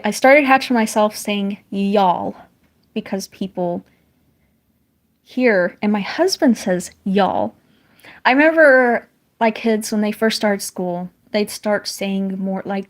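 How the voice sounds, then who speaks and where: A woman's voice: mid-range voice, slow. A woman in her thirties from the northern United States, chatting casually with viewers while she draws, rambling and restarting often. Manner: rambling, reads chat aloud, frequent restarts. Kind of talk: casual live-stream chat.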